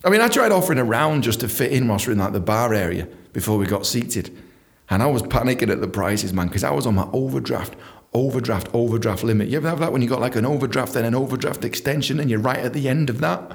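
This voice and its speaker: Gravelly man telling comic stories. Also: fast talker. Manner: animated, breaks into squeaky high voices for jokes. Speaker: comedian storyteller. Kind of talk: comic storytelling.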